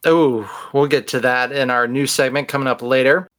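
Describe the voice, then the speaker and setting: A man's voice: medium pitch, steady tone, moderate pace, a bit bright. A man co-hosting a podcast in a casual, enthusiastic, jokey chat. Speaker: podcast co-host.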